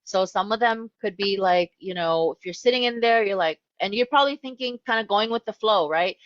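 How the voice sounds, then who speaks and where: A woman mental health counselor presenting a webinar in a relaxed, conversational way, often voicing what a client might think. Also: mid-range voice, brisk, no echo, highs cut off.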